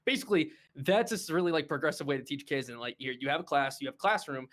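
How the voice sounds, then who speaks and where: A man in his twenties, a podcast co-host telling a story in casual chat with animated, profane delivery. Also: a little high, fast talker.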